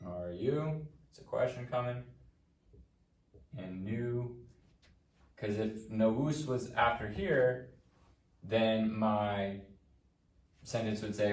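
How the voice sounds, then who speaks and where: Low-voiced guy walking students through latin homework, patient, says okay a lot. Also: drawn-out words, pauses often, darkish tone, distant mic. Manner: patient, explaining step by step with frequent "okay". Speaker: Latin teacher. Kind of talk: recorded lesson walkthrough. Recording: echoey room, voice off-mic.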